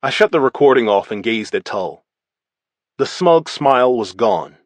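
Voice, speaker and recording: A man narrating a first-person thriller audiobook in a measured, even way. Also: mid-range voice, dry recording.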